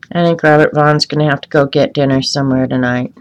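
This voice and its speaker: A woman's voice: sits low, muffled recording. A woman hosting a casual live stream while coloring, chatting and ranting, answering viewers by name. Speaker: livestream host coloring art.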